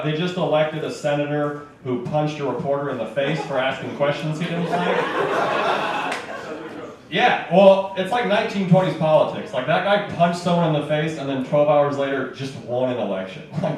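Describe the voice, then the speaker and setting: A man's voice: a little high, normal speed. A man from Montana doing stand-up, telling loose stories with asides. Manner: loose, rambling storytelling with asides. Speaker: stand-up comedian. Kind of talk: stand-up set. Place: comedy club stage. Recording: echoey club taped from far off with faint hiss.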